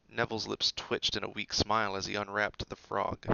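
A man reading a storybook aloud with steady, expressive narration. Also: lowish voice, fairly quick, gravelly, hardly any pauses, no room sound, highs cut off. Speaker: audiobook reader.

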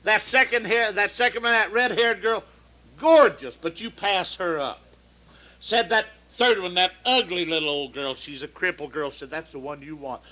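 A comedian with a folksy drawl tells bawdy truck-stop jokes, acting out the people in them in quoted voices. His voice is high and sharp with lively intonation at normal speed, and the audio quality is poor.

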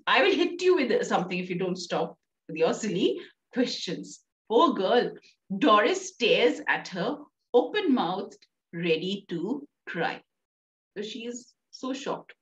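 A woman's voice: mid-range voice, sing-song, slow pace. Woman teacher, Indian English accent, coaxing lesson talk, echoey, dull recording. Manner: coaxing, checks with "right?" often. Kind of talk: classroom lesson explaining a play. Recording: distant, roomy, dull sound.

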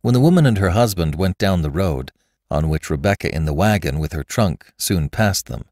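Man, very deep voice, lively intonation, storybook narration, dry close recording. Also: normal speed, dry recording. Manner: expressive reading. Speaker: podcast narrator.

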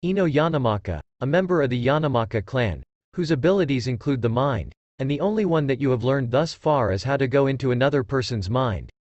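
A man's voice: mid-range voice, lively intonation, fairly quick, hardly any pauses, darkish tone, no echo, lo-fi sound, natural voice. A man voicing a confident young ninja who talks bluntly and matter-of-factly.

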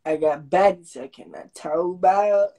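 A man's voice: high voice, a little slow, dark tone, slight background noise. A young man hosting a casual phone livestream, bragging and trading insults with a caller in a brash, taunting way. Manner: brash, trash-talking, repetitive taunts. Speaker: livestream host.

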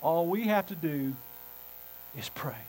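A pastor preaching a sermon to his congregation in church. He talks with emphasis, moving between loud calls and hushed, low phrases. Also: takes it slowly, a little hiss or hum, rough recording. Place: church sanctuary.

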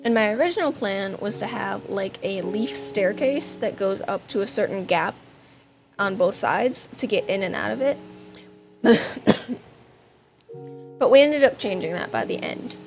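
A woman's voice: medium pitch, animated, measured pace, long pauses. A woman narrating her gaming session in a chatty, upbeat way, with fillers and a slightly breathless voice. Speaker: gaming channel host. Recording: dull lo-fi sound with music behind. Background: music.

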